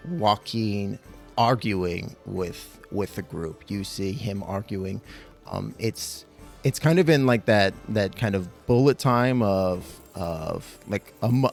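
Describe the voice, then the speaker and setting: A man's voice: on the low side, vocal fry, a little mellow. A man narrating as game master of a tabletop game, rambling with many ums and likes.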